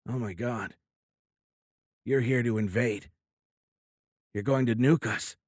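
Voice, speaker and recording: A man's voice: medium pitch, takes it slowly, dry recording, clean studio sound, voice pushed up. A man voicing a captive former fighter pilot in an audiobook, asking tense, urgent questions. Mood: shaken. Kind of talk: audiobook character voice.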